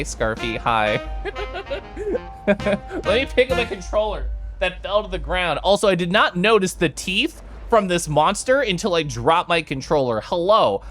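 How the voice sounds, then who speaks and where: A high-voiced man streams a video game, excitedly chatting in a casual way as he reads chat messages out loud and giggles.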